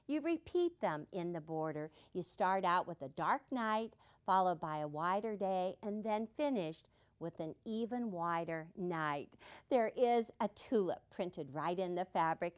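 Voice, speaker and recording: A woman's voice: mid-range voice, no room sound. A woman hosting a quilting show, demonstrating cutting and sewing steps in a cheerful, playful way.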